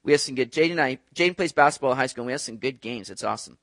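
A man's voice: mid-range voice, rapid-fire, fairly bright tone, no room sound. A middle-aged man preaching a sermon, chatty and teasing, with joking asides to his listeners. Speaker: pastor.

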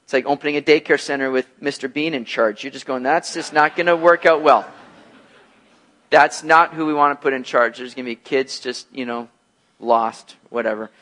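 A man preaching through a Bible passage in a casual, lively way. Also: medium pitch, brisk. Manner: lively, acts out bubbly and gloomy voices in his examples. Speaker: pastor. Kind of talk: expository sermon, casual and animated.

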